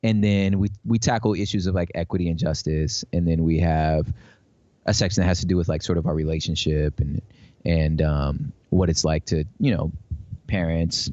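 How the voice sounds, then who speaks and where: Man, slangy casual talker, lively storyteller, dry dull recording. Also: low-pitched, no echo. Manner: slangy, animated storyteller acting out voices. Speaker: podcast guest. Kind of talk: casual chat.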